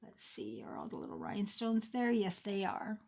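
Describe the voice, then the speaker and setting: In a mid-range, creaky voice with a darkish tone and wildly swooping pitch, a woman in her forties talks at normal speed over a faint hiss or hum. She's a thrift jewelry unboxing vlogger, chatting casually, teasing herself, and talking to herself while sorting and pricing pieces.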